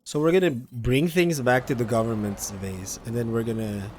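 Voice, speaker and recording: A man's voice: medium pitch, steady tone, moderate pace, darkish tone, a little hiss or hum. A man streaming a video game live, thinking aloud and joking as he plays, sometimes copying the characters' lines. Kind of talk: live gameplay commentary. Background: game music.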